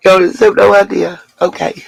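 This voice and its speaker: A woman's voice: medium pitch, level tone, normal speed, vocal fry, husky, no echo, low-quality recording. A woman hosting a live stream, chatting bluntly and emphatically, swearing freely and thanking viewers. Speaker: livestream host. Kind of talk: live-stream commentary and chat reading.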